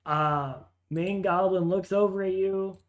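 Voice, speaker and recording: A man's voice: high-pitched, steady tone, unhurried. Man, game master, tabletop narration, hesitant, lots of filler words. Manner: hesitant, many fillers and restarts.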